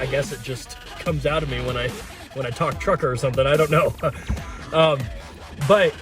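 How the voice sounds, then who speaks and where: A man hosting a casual explainer video, talking plainly with frequent fillers and restarts. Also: a little high. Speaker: host.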